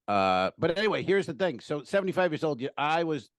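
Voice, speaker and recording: A man co-hosting a comedy podcast, telling profane, jokey stand-up stories in a casual, animated way. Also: on the high side, brisk, no echo, clean studio sound. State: feeling unwell.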